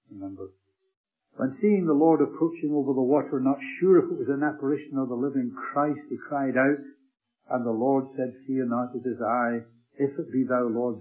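Older male preacher, dynamic sermon delivery, thin telephone-band audio. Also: medium pitch. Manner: dynamic, swings from loud emphasis to soft near-whisper. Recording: tinny phone-like sermon recording.

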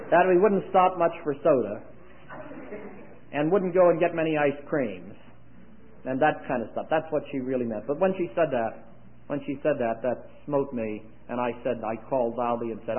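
A man's voice: mid-range voice, a little hiss or hum. A man preaching a sermon to young people at a conference, with dry humorous asides. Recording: tinny lo-fi, phone-like sound.

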